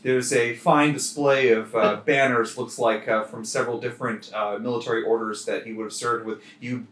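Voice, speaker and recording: A man narrates a tabletop game as its game master. He hesitates often and fills his pauses. His voice comes through bright and sits a little back from the mic, with a roomy echo and faint hiss. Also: medium pitch, fairly even intonation. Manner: hesitant, many fillers, bursts into laughter. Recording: roomy sound from a distant mic with faint noise.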